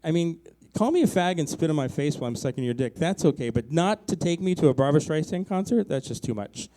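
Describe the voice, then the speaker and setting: A man's voice: a little high, lively intonation, quick pace, mellow, low-quality recording. A man in his fifties doing a stand-up comedy set, telling stories in a loose, conversational way full of fillers. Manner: conversational storytelling with many likes and ums. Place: small live comedy venue.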